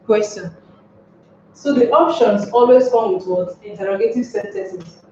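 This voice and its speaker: A woman with a medium-pitched, somewhat mellow voice teaches an English lesson at an unhurried pace, asking her class rhetorical questions and answering them herself. The recording is dull and echoey, made with a distant mic in a room with slight background noise.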